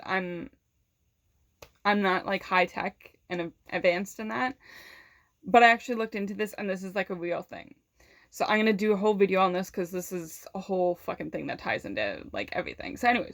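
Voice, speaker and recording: A young woman vlogger casually tells a personal story, animated and laughing between lines, swearing often and packing her speech with "like." Her voice is medium-pitched, and the recording is dry and studio quality.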